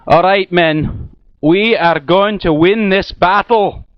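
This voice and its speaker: A man's voice: high-pitched, no echo, pitched above the performer's own voice. A man doing a fierce defiant sea captain. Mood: commanding. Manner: slow, loud commanding shouts. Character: fierce, defiant male ship captain in battle. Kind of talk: storybook character voice. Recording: tinny, thin dry recording.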